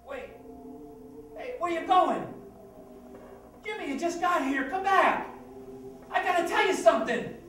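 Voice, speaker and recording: A man's voice: mid-range voice, lively intonation, normal speed, soft background music, natural voice. An actor playing a grieving New father, echoey. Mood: anguished. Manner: chatty storyteller, nervous laughs. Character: middle-aged Italian-American man, grieving father. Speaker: actor performing a monologue. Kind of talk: stage monologue. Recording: echoey room, distant mic, noisy.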